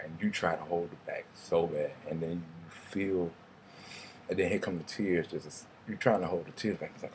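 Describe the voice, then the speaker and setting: A man's voice: low-pitched, little pitch movement, normal speed, a little mellow, slight background noise. A young man, telling rambling, casual stories and swearing freely in a vlog. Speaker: vlogger. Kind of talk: casual storytelling monologue.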